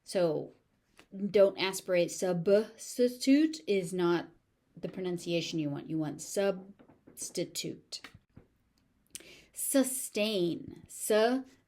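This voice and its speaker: Slow, careful American woman teacher. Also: lowish voice, a little mellow. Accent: General American. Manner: repeats each word slowly, then explains sounds and stress. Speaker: pronunciation teacher. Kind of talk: slow, deliberate pronunciation drill.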